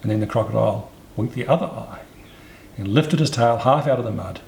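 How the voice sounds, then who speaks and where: A man reading a storybook aloud in an expressive, sing-song storyteller's manner. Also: medium pitch, fairly quick, vocal fry, a little hiss or hum. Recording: roomy echo, faint ambience.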